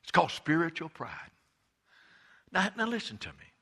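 A middle-aged preacher delivers his sermon in a husky, forceful voice. He drops low and quiet for asides, then surges with fervent emphasis. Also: big pitch swings, moderate pace. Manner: impassioned storytelling preacher, swings from hushed to emphatic. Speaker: pastor.

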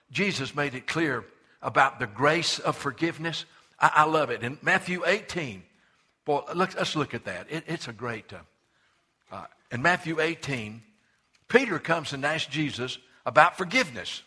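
A male pastor preaching an emphatic, conversational sermon, swinging between loud urging and hushed quiet, often repeating words as he restarts. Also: fairly high pitch, animated, a little slow, pauses often, slightly rough.

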